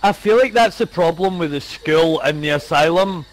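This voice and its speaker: A man's voice: fairly high pitch, moderate pace, rough recording. A man chatting casually during a game, musing about strategy and hedging his points. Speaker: friend on stream. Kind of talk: casual gaming chat.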